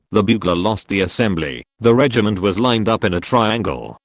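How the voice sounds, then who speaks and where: A man reading a historical novel aloud as an audiobook narrator, in a solemn, measured way. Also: lowish voice, expressive, no echo, clean studio sound.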